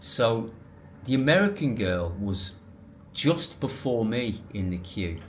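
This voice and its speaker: A man telling a personal story to camera in a casual, animated, rambling way, restarting and correcting himself. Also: medium pitch, takes it slowly, a little hiss or hum. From England. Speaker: vlogger.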